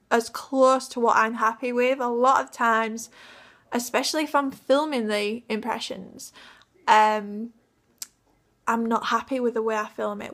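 Young woman w a hull accent, high voice, slow rambly vlog chat, lots of giggles. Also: a bit bright. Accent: Yorkshire (Hull). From Yorkshire, England. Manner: giggly and rambling, many fillers. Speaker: cosplayer and vlogger.

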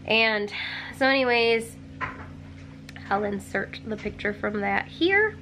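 A young mom vlogger speaks slowly and expressively to her handheld camera at home in the living room, her medium-pitched voice bright and forceful. Emotional and tired, she rambles chattily with plenty of "like" fillers. Slight background noise is audible.

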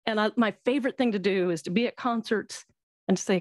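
A woman's voice: medium pitch, brisk, a little mellow, no room sound. Middle-aged radio lady telling her faith story, earnest and heartfelt, dry close sound. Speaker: Christian radio host. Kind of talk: personal testimony on a webinar.

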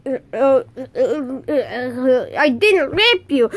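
A flustered, panicky uncle puppet who stammers through every line, played by a boy. The voice is very high and drawn out slowly, in a home-made fan puppet skit. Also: animated, fairly bright tone, no echo, full character voice.

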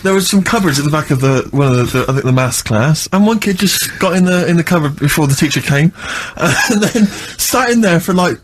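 A man with a husky, slightly raised voice co-hosting a radio show. He muses at length over old memories, circling back as he talks. His delivery is loose and conversational. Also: a little high, lively intonation, a little fast, hardly any pauses. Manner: reflective, rambling recollection. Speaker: radio co-host. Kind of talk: casual radio chat.

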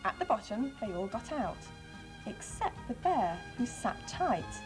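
Expressive woman reading to children. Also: on the high side, unhurried, music in the background. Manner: expressive, friendly storytelling. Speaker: children's TV presenter. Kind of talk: storybook reading and craft demonstration for children.

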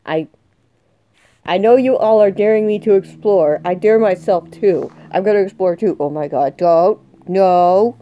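A woman's voice: mid-range voice, measured pace, dark tone, muffled recording, slight background noise. A woman in her twenties commenting on a game she is playing, jumpy and swinging from muttering to shrieking. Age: 20s. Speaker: gaming youtuber. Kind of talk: excited let's-play commentary.

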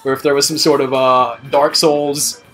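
A man's voice: mid-range voice, level tone, normal speed, fairly bright tone, faint music behind. A man co-hosting a let's play, chatting casually, laughing easily and swearing freely. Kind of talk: casual gaming chat.

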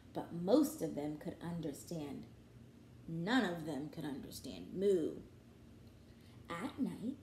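A woman teacher reading a children's picture book aloud in a sing-song, expressive way. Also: a little hiss or hum. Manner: sing-song, highly animated, slow and expressive. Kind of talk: storybook read-aloud for children. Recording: echoey room.

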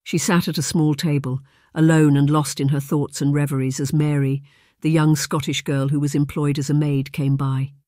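An audiobook narrator reading a historical romance in an even, measured way. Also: mid-range voice, dry recording, clean studio sound. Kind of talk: scripted narration.

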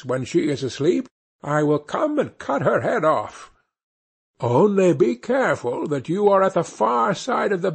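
A man reading a fairy tale aloud, voicing a wicked, murderous old witch in a raised, sharp voice. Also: on the high side, creaky, slightly rough, heavily acted.

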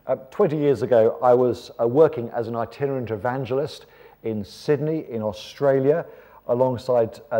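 A man's voice: mid-range voice, warm tone. An Englishman giving a sermon-style seminar talk, conversational with rhetorical questions and wry asides. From England. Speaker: seminar speaker.

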